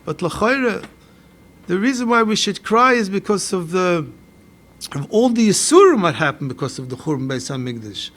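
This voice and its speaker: A man's voice: sits high, sing-song, normal speed, a bit bright. A man with a Yeshivish American accent giving a Torah lecture as a rabbi, mixing Hebrew and Yiddish phrases into his English as he reads texts and questions them. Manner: questioning, builds up a puzzle.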